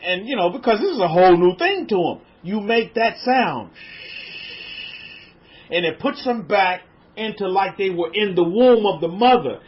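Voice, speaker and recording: Male religious teacher, high pitch, gentle questioning delivery with hushed drops, muffled lo-fi audio. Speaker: religious teacher leading an online class. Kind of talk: interactive spiritual teaching.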